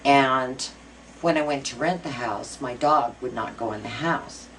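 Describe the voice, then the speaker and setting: A woman's voice: extremely low pitch, unhurried, a bit bright, slight background noise. A middle-aged woman being interviewed, earnestly telling a personal ghost story with many fillers. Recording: voice a bit far from mic, faint music.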